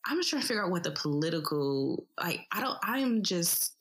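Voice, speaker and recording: A woman co-hosts a laid-back podcast from her bedroom, her voice very low with a husky edge. She muses hesitantly and restarts her thoughts often. Her speech is full of likes as she works her way to a point. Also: very animated, brisk, fairly bright tone, low-quality recording. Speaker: podcast co-host. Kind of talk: casual podcast chat.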